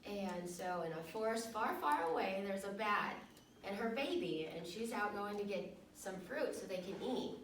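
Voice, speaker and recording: A woman's voice: medium pitch, animated, moderate pace, far from the mic, slight background noise. A woman casually retelling a children's picture book in a loose, chatty way. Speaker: storyteller. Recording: echoey room, voice from off-mic.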